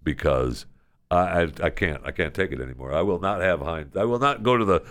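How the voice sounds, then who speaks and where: A deep-voiced man rants his way through a casual comedic monologue as a podcast host, full of sarcastic mock outrage. His voice sits very low, and the sound is dry and close, with no room echo. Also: lively intonation, fairly quick, fairly bright tone.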